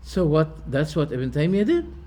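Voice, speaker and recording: Man, religious teacher, slightly high voice, emphatic lecture, rhetorical questions, frequent restarts. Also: huge pitch swings, moderate pace, dark tone. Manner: explains terms by restating them. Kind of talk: lecture to a class.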